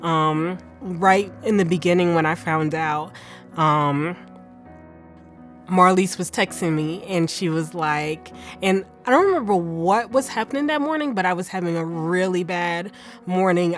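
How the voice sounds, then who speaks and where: Woman, fairly low pitch, recounting her own experience in a relaxed conversational testimony with lots of fillers, soft music underneath. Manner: conversational, with many fillers and restarts. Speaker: cancer survivor giving a testimony. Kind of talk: casual personal testimony.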